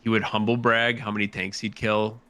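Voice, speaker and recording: A man's voice: lowish voice, little pitch movement, normal speed, bright, forceful tone, clear, resonant tone. A man chatting casually as a podcast guest, rambling and swearing as he restarts his sentences. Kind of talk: casual chat.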